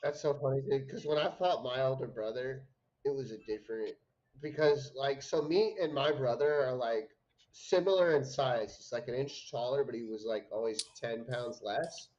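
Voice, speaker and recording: A man's voice: mid-range voice, moderate pace, a little mellow, highs cut off. A young man on a livestream, telling a rambling, profane story in casual chat. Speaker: stream co-host.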